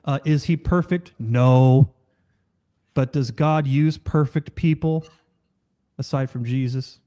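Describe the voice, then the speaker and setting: A man's voice: medium pitch, takes it slowly, warm tone. A man in a debate clip, smug and preachy. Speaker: debate participant.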